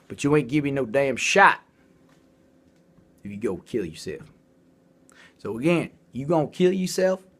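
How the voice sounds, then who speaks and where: A man who calls himself an artist and writer, talking in a rambling, blunt and profane monologue straight to the camera. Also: mid-range voice. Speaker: self-described artist and writer.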